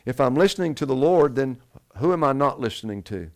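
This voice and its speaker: A man preaching a Bible sermon from the pulpit of a church, at an everyday middle pitch. He poses questions to the congregation and then answers them himself. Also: animated, brisk, a little mellow. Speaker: pastor.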